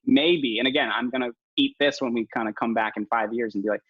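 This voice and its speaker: A man with a husky, breathy voice talks through a casual podcast chat, rambling and self-mocking, and he often restarts and laughs. The recording is dull and lo-fi, with a very dry sound and no room. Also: mid-range voice, quick pace, hardly any pauses, fairly bright tone, dry recording. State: new father. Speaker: podcast guest.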